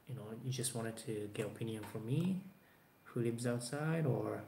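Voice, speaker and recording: A man's voice: mid-range voice, moderate pace, gravelly, warm tone. Man in his twenties, rambling vlog talk, roomy echo, faint hiss. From Japan. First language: Japanese. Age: 20s. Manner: rambling with many fillers and restarts. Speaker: vlogger. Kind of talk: casual talk to camera answering viewer questions.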